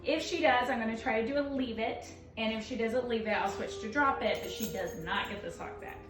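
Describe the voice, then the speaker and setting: A woman dog trainer explaining a training demonstration while playing, switching between excited praise and firm commands. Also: on the high side, a little fast, roomy sound, recorded from a distance, music in the background.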